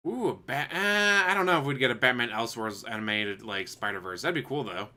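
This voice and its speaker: A man's voice: medium pitch, expressive, a little fast, pushed and bright. A man streaming commentary, answering a clip with sarcastic, mocking rebuttals. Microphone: desk USB microphone.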